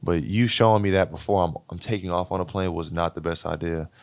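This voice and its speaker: A man's voice: deep voice, quick pace, a little mellow, no echo. A young man, a college basketball player, telling a story in casual podcast chat, repeating words and acting out quotes. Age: young adult.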